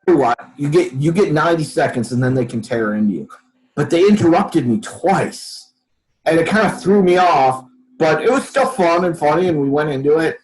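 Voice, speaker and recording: On a rough recording, a man with a fairly high voice tells a story at normal speed as a guest on a podcast. He narrates with animation in the casual interview, performing the quoted lines of others.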